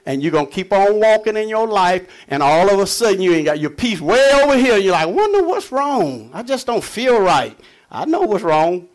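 This man's voice sits high as he delivers a conversational sermon. He reads scripture aloud, unpacks it folksily, and chuckles frequently between his points.

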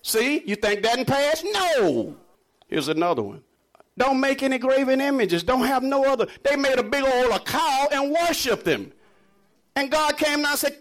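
A man with a high, very lively voice preaches a sermon. He drops low and then climbs into high shouts, laughing and joking with his congregation along the way. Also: normal speed. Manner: animated preaching, swinging between low murmurs and high shouts. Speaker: pastor.

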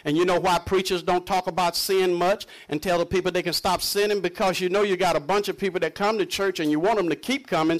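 A man's voice: sits high, a little fast, few pauses. A man preaching a sermon, stretching key words for emphasis. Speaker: pastor.

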